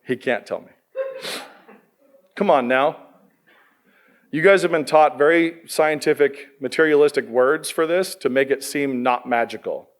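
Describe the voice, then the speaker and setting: Middle-aged male pastor, casual and lively sermon delivery, quizzes his student audience. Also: a little high, a little slow, long pauses.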